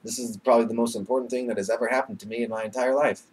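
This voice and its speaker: A man's voice: medium pitch, fairly even intonation, very fast, husky. A young man talks into his webcam in a loose, rambling way, full of fillers and curse words. He sounds nervous and emotional, slipping into laughs between phrases, and his voice sits in an ordinary middle register. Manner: rambling, heavy swearing, many fillers. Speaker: vlogger. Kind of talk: casual webcam vlog.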